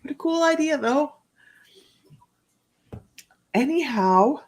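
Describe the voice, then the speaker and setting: A woman's voice: sits high, expressive, slow, pauses often, fairly bright tone. A woman hosting a casual live stream who rambles, laughs often and greets viewers by name as she reads their comments. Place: home, indoors.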